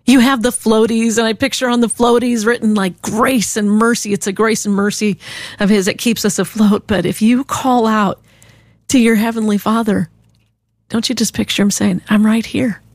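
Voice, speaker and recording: A woman hosting a short radio devotional, telling a story in a gentle, encouraging way. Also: a little high, fairly even intonation, moderate pace, no room sound. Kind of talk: spoken devotional.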